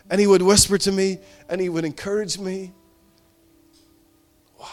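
A man preaching from the pulpit, his voice sitting a little high for a man. He drives points home with repetition and rising emphasis, then drops into soft, tender stretches. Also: little pitch movement, moderate pace, long pauses, faint music behind. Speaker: pastor. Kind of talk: sermon.

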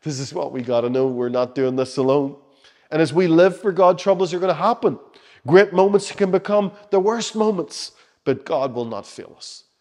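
A male pastor delivers a sermon with passion, his slightly high voice rising to urgent peaks and then falling to near-hushed lines. The recording carries a long reverb from a large church hall. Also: moderate pace. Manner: passionate, shifts between loud urging and soft hushed lines.

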